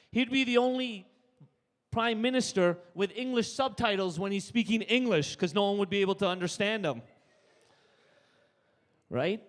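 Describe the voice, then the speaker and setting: A Canadian man doing a stand-up set on a live stage, punchy, tagging jokes with "right?". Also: sits high. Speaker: stand-up comedian. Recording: long reverb in a club.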